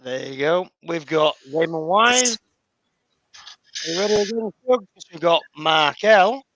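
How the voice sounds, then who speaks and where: A man on a live stream reading out names from the chat and greeting viewers in a friendly, unhurried way. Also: fairly high pitch, expressive, a bit bright, dry recording, highs cut off.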